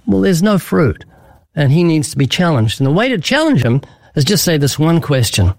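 A man's voice: on the high side, big pitch swings, normal speed, no room sound. A man explaining his evangelism in an interview, telling stories with acted-out dialogue. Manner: urgent storytelling with acted-out dialogue. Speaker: evangelist guest. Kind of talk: earnest preaching in an interview.

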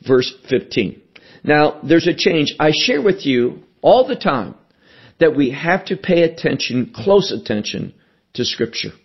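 A man preaching a sermon, deliberate and emphatic, repeating key phrases for weight. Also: fairly high pitch, breathy edge, highs cut off. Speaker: pastor.

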